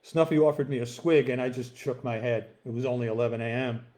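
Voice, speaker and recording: A man's voice: mid-range voice, fast. Man reading his novel aloud. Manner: relaxed, with fillers in the intro.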